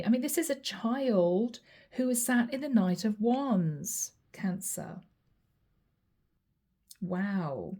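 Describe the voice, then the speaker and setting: Giggly tarot reader woman, mellow voice. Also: mid-range voice, lively intonation, slow pace, long pauses. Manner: laughs often while reading, acts out what the other person says. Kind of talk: channeled tarot reading.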